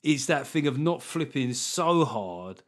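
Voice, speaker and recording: A man's voice: medium pitch, expressive, slow pace. A man hosting a podcast, talking in a loose, casual way, swearing freely and often restarting his sentences. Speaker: podcast host. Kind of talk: casual chat.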